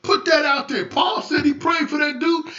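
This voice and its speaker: High-voiced man preaching in an echoey room. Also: moderate pace. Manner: repetitive restarts, building to loud preaching. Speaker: livestream host. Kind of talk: rambling spiritual talk on a livestream. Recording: echoey room, distant dull lo-fi mic.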